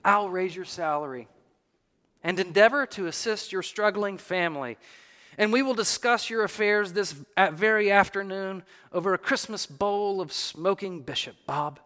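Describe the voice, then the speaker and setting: A man's voice: sits high, moderate pace, sharp tone, long reverb tail. A man reading aloud the lines of a joyful, reformed old miser in an earnest, eager way.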